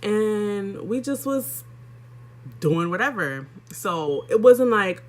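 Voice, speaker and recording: A woman's voice: medium pitch, lively intonation, a little slow. A young woman vlogger telling a personal story in a candid, chatty way, addressing her viewers directly. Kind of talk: casual storytelling vlog.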